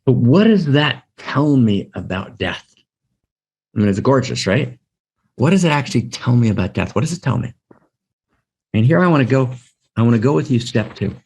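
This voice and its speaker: A man's voice: medium pitch, sing-song, normal speed, long pauses, a little mellow, breathy edge. A man giving a spiritual teaching talk on an online broadcast, impassioned, repeating phrases and often asking "right?".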